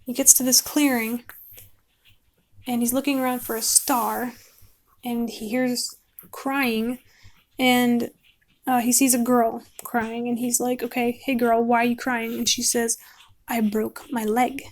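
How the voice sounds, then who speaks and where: A woman with a slightly high voice talks through a book she loves in a loose, rambling way. She is chatty and laughs easily as she goes, like someone painting while she talks. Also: level tone, a little slow, pauses often. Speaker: book vlogger.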